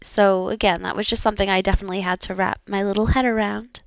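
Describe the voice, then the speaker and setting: A woman's voice: medium pitch, fairly even intonation, fast talker, smooth, no echo. A woman VTuber practicing her language lessons aloud in a casual, rambling way, often giggling and using many fillers.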